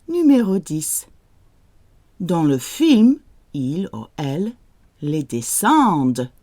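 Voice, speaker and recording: A woman teaching French, reading example sentences slowly and clearly, then explaining the grammar in English. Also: lowish voice, very animated, dark tone, dry recording, clean studio sound. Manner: slow, careful model pronunciation with questioning rises. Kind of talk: language lesson with slow example sentences.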